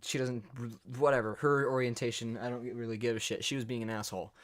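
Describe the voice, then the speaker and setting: A man's voice: medium pitch, fairly even intonation, fast talker. A young man co-hosting a podcast, telling a story in casual chat and acting out the people in it. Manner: rambling storyteller, acts out quotes. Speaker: podcast co-host.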